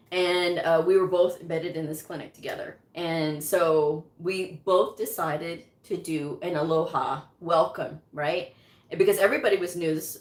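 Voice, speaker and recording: A middle-aged American woman with a fairly low voice tells stories in a chatty, easygoing way, laughing often and slipping into little voices for the people she quotes. Her voice carries a noticeable echo from the room around her. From United States. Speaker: medical coding educator and channel host. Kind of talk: casual storytelling livestream. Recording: echoey room.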